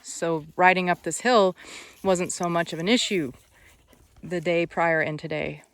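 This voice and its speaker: A woman's voice: fairly low pitch, fairly even intonation, unhurried, a bit bright, clear, resonant tone. A woman horse trainer talking casually through her vlog outdoors on a country ranch, chatty and encouraging, thinking aloud as she goes.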